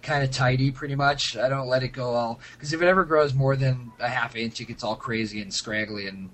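Bright, animated man chatting. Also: mid-range voice, fairly quick. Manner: animated, jokey, lots of fillers. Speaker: podcast co-host. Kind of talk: casual chat.

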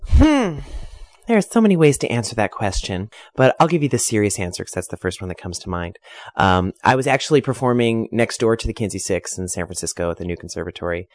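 A man's voice: on the low side, sing-song, fast talker, a little mellow, dry recording, studio quality. A man, a singer in a drag a cappella group, chatting playfully with lots of ums and uhs in a radio interview. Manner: playful, chatty with many fillers.

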